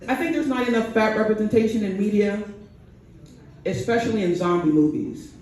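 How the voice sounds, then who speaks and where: A woman performing a stand-up comedy set on a bar stage, with a deadpan delivery that keeps tagging jokes with "right?". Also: mid-range voice, a little fast, slight background noise. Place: bar stage in front of a crowd. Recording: echoey room, mic heard from a distance.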